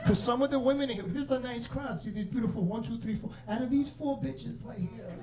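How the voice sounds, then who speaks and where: A man's voice: very high voice, brisk, warm tone. A man doing a stand-up comedy set, brash and profane, working the crowd. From New York. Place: comedy club with a laughing crowd. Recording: live club recording with crowd laughter.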